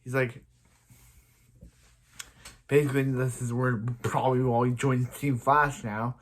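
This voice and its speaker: A man's voice: medium pitch, level tone, unhurried. Rambling man recapping an episode. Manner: rambling, many restarts and "so yeah" fillers. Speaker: show reviewer.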